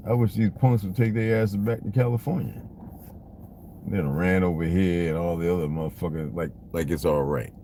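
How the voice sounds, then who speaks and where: A man's voice: deep voice, steady tone, moderate pace. A man vlogging from his car, talking in a blunt, profane, rambling way in a casual monologue. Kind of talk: casual monologue while driving. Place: inside a car. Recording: noisy car interior.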